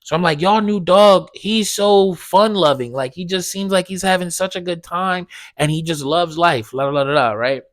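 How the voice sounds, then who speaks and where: A young man hosting a solo podcast, telling a story in a profane, animated way full of slang. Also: fairly high pitch, moderate pace. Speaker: podcast host. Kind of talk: casual solo podcast monologue.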